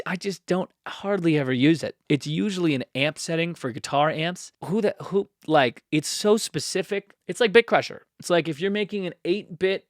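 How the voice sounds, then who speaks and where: Male tutorial host, slightly high voice, casual and self-mocking, close dry mic. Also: no echo. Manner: chatty and self-mocking, with quick asides. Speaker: music producer and tutorial host. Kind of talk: casual tutorial, ranking plug-ins. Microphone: close studio mic.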